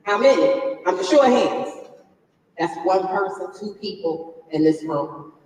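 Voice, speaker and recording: A woman's voice: mid-range voice, lively intonation, unhurried, darkish tone. A woman in her forties giving a motivational business talk from a conference stage, quizzing the audience and telling a personal story. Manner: conversational, quizzes the crowd, emotional personal story. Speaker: conference speaker. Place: large conference hall stage. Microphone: distant from the recording mic. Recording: echoey hall captured from far off.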